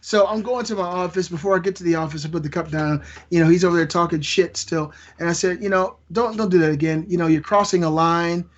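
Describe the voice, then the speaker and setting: A man's voice: sits high, fast, hardly any pauses. A man telling a long work story in casual live-stream chat, rambling and often laughing through it, on a dull lo-fi mic.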